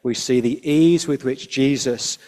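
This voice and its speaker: A man preaching a sermon, measured and emphatic, his phrases falling quiet at the ends. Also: mid-range voice.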